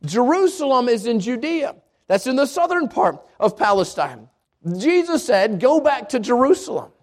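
A man's voice: very high voice, big pitch swings, moderate pace. A man preaching an earnest sermon as a pastor, often restarting and repeating words, rising to emphatic peaks.

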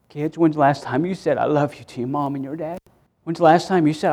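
A man's voice: fairly high pitch, fairly quick, darkish tone. A middle-aged man preaching a sermon as pastor, impassioned and acting out prayers and quotes, often stammering as he restarts.

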